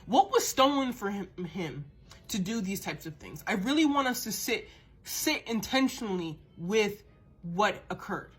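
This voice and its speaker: A woman hosts a podcast alone and delivers a heated, profane rant, circling back on her words as her passion builds. Her voice is husky and a little breathy and sits at a middling pitch. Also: lively intonation, a little slow, faint music behind. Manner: repeats and restarts words when worked up. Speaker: podcast host. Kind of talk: impassioned podcast monologue.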